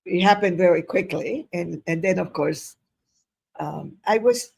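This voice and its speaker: An older woman guest in an interview, telling personal stories in a lively, chatty way, acting out bits of dialogue and repeating words for effect. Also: lowish voice, unhurried, gravelly, husky. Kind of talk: casual storytelling interview.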